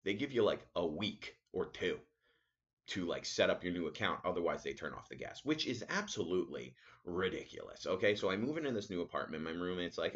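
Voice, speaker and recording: A man hosting a casual solo podcast, telling a story as an animated rant. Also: low-pitched, brisk, lo-fi sound. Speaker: podcast host.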